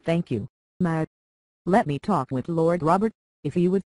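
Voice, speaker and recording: A reader voicing a gentle young highborn lady. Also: a little slow, no room sound, lightly acted, low-quality recording. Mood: soothing. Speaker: lady tending a young lord. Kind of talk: audiobook character reading.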